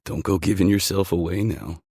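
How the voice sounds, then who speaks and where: A man's voice: low voice, fairly even intonation, moderate pace, warm tone, breathy edge, no echo, studio quality, voice pushed up. A man playing a cocky, teasing hockey player. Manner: confident, teasing. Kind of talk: audiobook character voicing.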